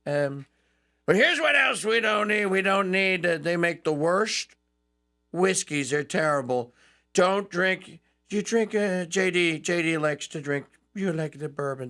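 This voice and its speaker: Bright-voiced talk radio host from Louisiana. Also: male voice, high-pitched, vocal fry. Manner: folksy, joking, mocking asides.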